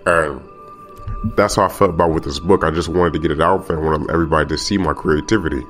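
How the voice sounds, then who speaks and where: A male podcast host talks in a low, deep voice, casual and heartfelt. He circles back, repeats his lines and rambles with real passion. Soft music sits faintly underneath. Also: steady tone, fast talker.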